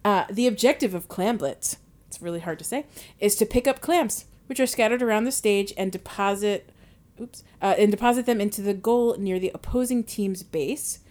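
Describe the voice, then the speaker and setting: A woman's voice: mid-range voice, moderate pace, a little mellow. A woman co-hosting a casual podcast, laid-back and a bit hesitant, reading from notes. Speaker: podcast co-host. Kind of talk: casual chat.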